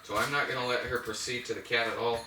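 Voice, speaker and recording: A male dog trainer gives step-by-step instructions as he demonstrates with a dog inside a home, offering bright praise to the dog. His voice is medium-pitched and steady, and he talks fast. The recording is roomy, taken from a distance, with background noise.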